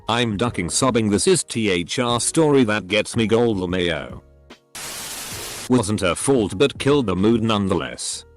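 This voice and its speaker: A text-to-speech male voice narrating online posts in scripted style, spelling out censored words letter by letter. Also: lowish voice.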